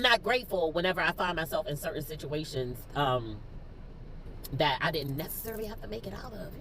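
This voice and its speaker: A young teacher with a Philadelphia accent sits in a car, close to tears as she tells her viewers an emotional story and speaks directly to them. Her voice is deep and brisk, and she's tearful and expressive. The audio is poor, with a slight hiss or hum.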